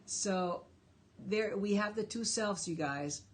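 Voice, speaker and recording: A woman's voice: mid-range voice, slow pace, a little hiss or hum. A woman hosting a live stream Q&A, answering viewers' questions with emphatic, encouraging life advice. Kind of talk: live stream Q&A, reading chat.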